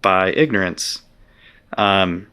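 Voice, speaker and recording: A man's voice: low voice, slow pace, bright, forceful tone, clear, resonant tone. A man, an author being interviewed, talking earnestly and reflectively with some hesitations. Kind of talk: conversational interview.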